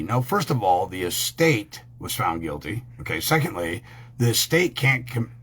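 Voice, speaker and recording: Brief: profane male host, husky voice, pitch swings wide, rambling and heated. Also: a bit bright. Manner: rambling, crude, heated and emphatic. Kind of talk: profane ranting talk.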